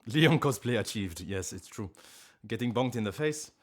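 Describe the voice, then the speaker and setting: A man's voice: on the low side, lively intonation, normal speed. A man speaking English in a put-on French accent, chatting casually on a live stream in a rambling, playful, self-mocking way from his home. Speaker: streamer and voice actor. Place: at home, indoors.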